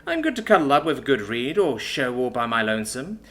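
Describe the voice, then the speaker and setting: A man's voice: mid-range voice, very animated, a little fast, bright, forceful tone, soft background music, voice pushed up. A man voicing a seasoned female soldier, matter-of-fact and wry, sometimes stern. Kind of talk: audiobook character voice.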